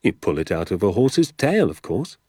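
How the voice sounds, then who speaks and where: A man voicing a hushed, secretive father. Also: fairly low pitch, big pitch swings, normal speed, slightly rough, dry recording, studio quality. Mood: hushed explaining. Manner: hushed, confiding, drops to whispers. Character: secretive, enthusiastic middle-aged father. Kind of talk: audiobook character voice.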